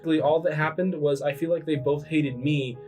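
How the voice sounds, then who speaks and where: A young man talks in a loose, rambling way on a comedy podcast, stumbling over restarts and jumping into squeaky voices for the people he quotes. His voice sits a bit high for a man and sounds somewhat distant from the mic, with faint guitar music under it. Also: steady tone, a little fast, darkish tone. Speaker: podcast co-host. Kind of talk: casual comedic chat.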